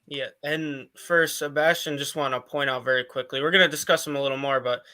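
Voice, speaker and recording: A man who writes about motorsport, chatting on a panel with quick, self-aware asides. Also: medium pitch, fairly even intonation, pushed and bright. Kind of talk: casual panel discussion.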